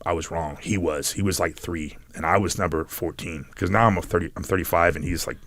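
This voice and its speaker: A middle-aged man with a low, deep voice tells a long story as a podcast guest. He talks in halting bursts, restarts his sentences, and slips into the voices of the people he quotes. The sound is dry and close, with no room echo. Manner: halting, animated storyteller who acts out quotes. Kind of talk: casual storytelling interview.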